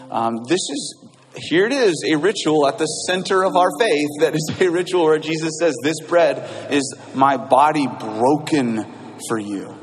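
A man serving as pastor, leading communion and prayer in an earnest, halting way with frequent restarts. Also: mid-range voice, in a large hall, a little hiss or hum. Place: church sanctuary.

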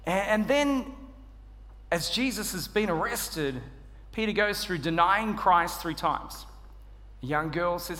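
An Australian man delivers a sermon with a high, bright voice, joking at his own expense as he tells the story. His voice carries a long reverb from the church hall around him. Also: normal speed. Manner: humorous, self-deprecating, animated storytelling. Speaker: preacher.

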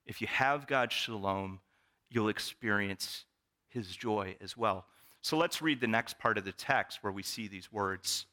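Male pastor, animated storytelling sermon, bright forward tone. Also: on the low side, a little slow.

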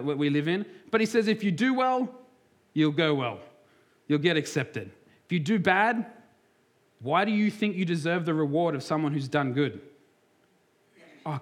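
A man preaching a sermon as pastor, talking through scripture and acting out quoted voices, some of them dropped to near whispers. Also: fairly high pitch.

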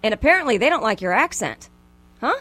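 A woman's voice: a little high, very animated, fairly quick, fairly bright tone, no echo. A woman hosting a radio interview, asking questions in a teasing, upbeat way. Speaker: radio show host.

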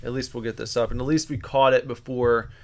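A man's voice: medium pitch, fairly even intonation, a little fast. A man co-hosting a podcast, chatting loosely and rambling with fillers. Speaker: podcast co-host. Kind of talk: casual podcast chat.

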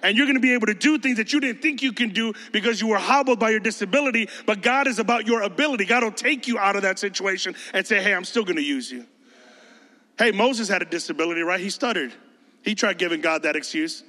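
Youth pastor guy preaching, kinda high bright voice, jokey, echoey church hall. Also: fast talker. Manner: casual, joking preacher, mimics teens' voices. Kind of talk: sermon.

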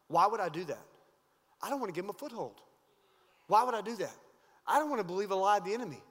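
A man preaching a sermon as pastor, emphatic, swinging from loud highs to quiet asides. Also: expressive, quick pace, pauses often, in a large hall.

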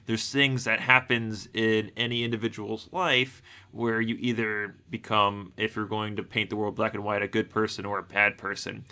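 A man co-hosting a casual chat podcast, animated and playful in his manner. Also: on the low side, moderate pace, few pauses, dull audio. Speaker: podcast co-host.

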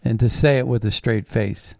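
A man's voice: mid-range voice, steady tone, moderate pace, gravelly, a little mellow, no echo, clean studio sound. Blunt, scornful man hosting political commentary. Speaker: host.

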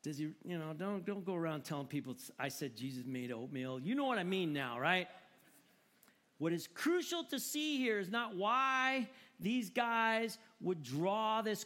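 A man preaching a sermon in an animated, joking way, often repeating words for emphasis. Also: high-pitched. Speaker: pastor.

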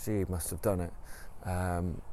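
A man's voice: low voice, flat delivery, a little slow, dark tone, a little hiss or hum. A man retelling a story in a casual, rambling way, with many ums and restarts. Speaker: podcast storyteller.

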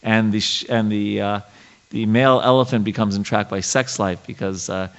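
A man leading a scripture study class, his low voice carrying a gravelly edge. He talks in a halting way, full of fillers and restarts, and reads passages aloud before explaining them. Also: fairly even intonation, rough recording.

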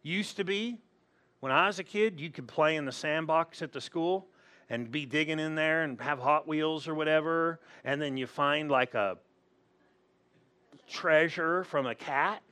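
A man with a voice pitched a little above the usual delivers a sermon as a pastor. His preaching is playful and anecdotal, and he slips into the voices of the people in his stories. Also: a little slow, pushed and bright, smooth. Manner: humorous storytelling that acts out the people in its stories.

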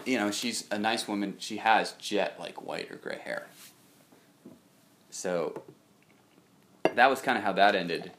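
Young man, co-host, low pitch, bright tone, rambling anecdotes, casual chat. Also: a little hiss or hum. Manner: rambling anecdotal storyteller, quoting others in his own voice. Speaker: podcast co-host.

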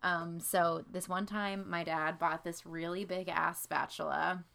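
Gravelly young woman telling stories casually. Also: on the low side, level tone, unhurried, fairly bright tone. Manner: candid, rambling, heavy filler use, swears freely. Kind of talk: casual storytelling of childhood memories.

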